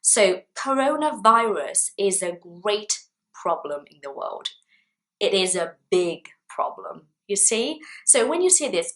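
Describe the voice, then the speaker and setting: A woman gives an English lesson straight to camera, speaking slowly and deliberately. Her voice sits at an ordinary middle pitch. She acts out little example sentences in a playful way. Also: sing-song. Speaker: English teacher.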